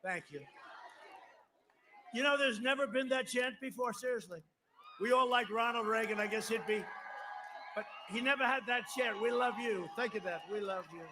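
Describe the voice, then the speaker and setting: In a very high voice, at a moderate pace and pausing often, a man in his seventies gives an emphatic, rambling rally speech into a podium microphone. He's outdoors at an airport campaign rally, addressing asides to the crowd, on a live broadcast with faint crowd noise.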